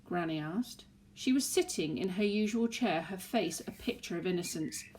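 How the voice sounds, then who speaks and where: A woman's voice: lowish voice, normal speed, a little hiss or hum. Woman reading a children's novel aloud. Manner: expressive, storytelling. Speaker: narrator.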